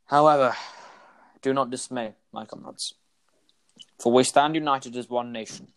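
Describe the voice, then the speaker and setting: A man voicing a calm male overlord addressing his council in a put-on robotic voice. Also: mid-range voice, a little slow, smooth. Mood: grave. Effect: robotic voice, spoken.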